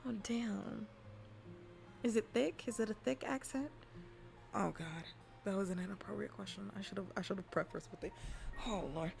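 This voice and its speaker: Giggly woman, slipping into soft whispers. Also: mid-range voice, normal speed, gravelly, long pauses, faint music behind. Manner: rambling and giggly, often dropping into whispers. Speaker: streamer. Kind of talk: casual stream chat with soft ASMR voice.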